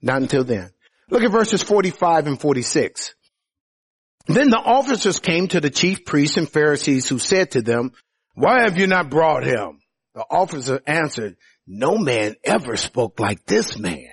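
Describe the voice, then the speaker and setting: A man preaching a sermon, teaching through scripture verses, often opening phrases with "oh" and climbing to emphatic highs. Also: moderate pace, breathy edge. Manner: lively preaching, rising to emphatic highs, many "oh" openers.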